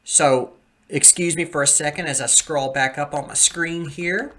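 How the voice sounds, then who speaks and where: A man's voice: fairly high pitch, fairly even intonation, normal speed, bright, forceful tone. A man hosting a podcast, teaching a Bible passage step by step over a screen share in an explanatory, reassuring way.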